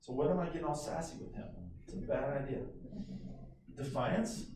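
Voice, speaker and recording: Male pastor, conversational sermon, mellow voice, recorded far off in a very echoey church. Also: a little high, normal speed, slight background noise. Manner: conversational, animated preaching with call-and-response. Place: church sanctuary. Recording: echoey room from a distance.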